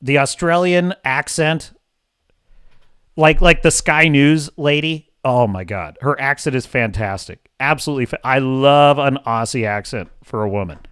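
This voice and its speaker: A man's voice: mid-range voice, unhurried, a bit bright, clean tone, dry recording, clean studio sound. A man hosting a podcast, ranting in casual commentary with an opinionated, exasperated tone. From United States. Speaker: podcast host.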